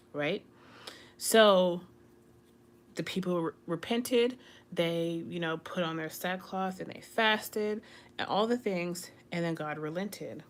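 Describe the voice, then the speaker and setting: Chatty woman leading a Bible study. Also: lowish voice. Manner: reads scripture aloud, then explains it in chatty asides. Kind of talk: casual Bible study reading and commentary.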